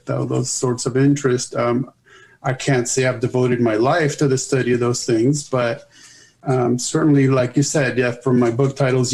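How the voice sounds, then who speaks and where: A man's voice: medium pitch, darkish tone. A man, an author guest on a podcast interview, talking in a rambling, hesitant way with dry humor. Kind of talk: casual interview chat.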